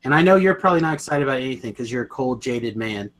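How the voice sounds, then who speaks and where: Speaking fast in a mid-range, slightly bright voice with lively intonation, a male podcast co-host chats eagerly and casually about card games. He tends to ramble and correct himself partway through sentences.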